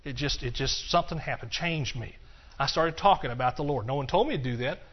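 An older man giving a personal testimony sermon, earnest and repetitive, dropping to hushed stretches and rising into passionate bursts. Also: mid-range voice, brisk. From Texas. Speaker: preacher. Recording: dull lo-fi recording.

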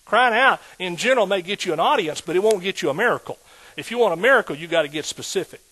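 A man preaching a sermon in a lively call-and-response manner, asking the congregation questions. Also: sits high, fast, slightly rough.

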